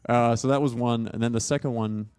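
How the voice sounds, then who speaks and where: A man's voice: medium pitch, steady tone, brisk, a little mellow, clean tone. A young man talking casually as a podcast guest, rambling and filling his speech with "like", laughing often. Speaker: podcast guest, film student. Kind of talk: casual interview chat.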